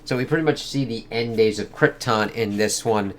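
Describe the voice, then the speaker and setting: Low-voiced swearing man reviewing comics. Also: normal speed. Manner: rambling, heavy swearing, lots of fillers. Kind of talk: casual spoken review.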